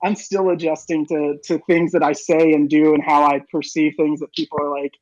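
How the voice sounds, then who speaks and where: A man talking fast and rambling with lots of fillers in casual podcast chat. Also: a little high, level tone, dry recording, dull audio. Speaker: podcast co-host.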